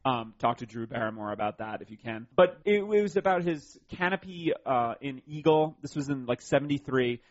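Man, radio co-host, casual banter, wry and profane, middle pitch, dull sound. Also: animated, brisk, hardly any pauses. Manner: wry, irreverent, swears freely. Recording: slightly dull broadcast audio.

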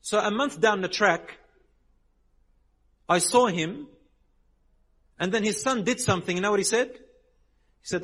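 Male preacher, fairly high voice, animated storyteller, Arabic phrases mixed in. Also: normal speed, long pauses. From Lebanon. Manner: animated storytelling, acting out quoted people; sprinkles Arabic religious phrases. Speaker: Islamic preacher. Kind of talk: sermon.

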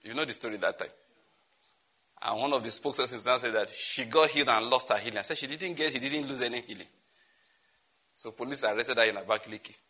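Husky middle-aged Nigerian preacher, bright tone, acts out his own anecdotes. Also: mid-range voice, quick pace. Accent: Nigerian English. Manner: animated storytelling, laughs and acts out dialogue. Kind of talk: sermon teaching.

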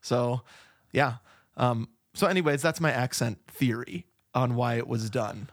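A man's voice: medium pitch, a little slow. A man co-hosting a podcast in casual chat, chatty and jokey, explaining his theories at length. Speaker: podcast co-host.

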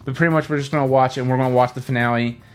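A man hosting a casual podcast, talking in a rambling, animated way with many restarts. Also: mid-range voice, very fast. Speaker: podcast host.

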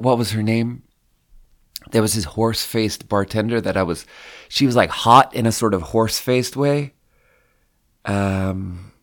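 A man hosting a podcast who tells a rambling, profane story in a casual way. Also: medium pitch. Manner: rambling and profane, with frequent fillers. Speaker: podcast host.

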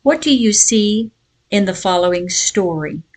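A woman giving a devotional Bible lesson and reading a folk tale aloud in a measured storytelling voice. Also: medium pitch, expressive. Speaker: Bible teacher.

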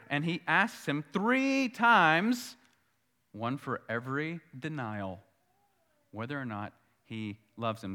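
A man preaching a sermon in a bright, forceful voice. He is earnest and repeats his key phrases, and his voice swells louder whenever he drives home a point. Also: mid-range voice. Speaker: pastor.

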